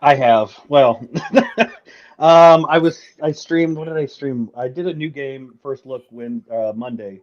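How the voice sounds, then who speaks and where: Southern US man, halting casual chat, middle pitch, muffled lo-fi sound. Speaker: guest streamer.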